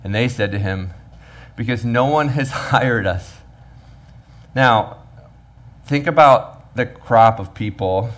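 Pastor preaching with lively humor. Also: male voice, lowish voice. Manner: animated, acts out the workers' voices with humor. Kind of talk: sermon.

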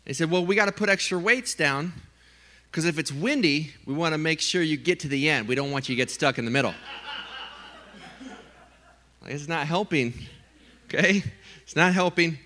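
A man preaching a sermon, telling a funny story with lively, animated delivery and acted-out voices. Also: fairly high pitch, brisk. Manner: animated storytelling, acts out his own scared voice. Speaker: pastor.

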